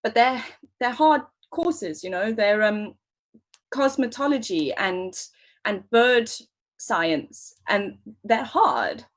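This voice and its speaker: A woman on a video call playing a scatterbrained, excitable woman who is failing her bird science course, rambling and flustered in an improvised comedy scene. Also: on the high side, slow. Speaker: improv performer. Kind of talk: improvised first-person storytelling.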